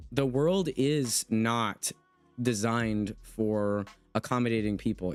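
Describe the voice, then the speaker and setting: Impassioned man hosting a livestream chat. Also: fairly low pitch. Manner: emphatic and impassioned, reads out chat comments. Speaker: livestream host interviewing a guest. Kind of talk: casual livestream conversation.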